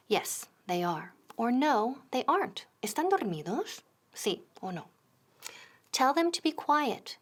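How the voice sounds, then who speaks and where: A woman teaching English in a TV lesson, modeling example phrases slowly and clearly. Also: a little high, sing-song. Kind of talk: bilingual language lesson.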